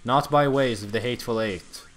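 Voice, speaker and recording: A young man giving comedic gameplay commentary in a mock-solemn, grandiose deadpan manner. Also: medium pitch, moderate pace, faint music behind.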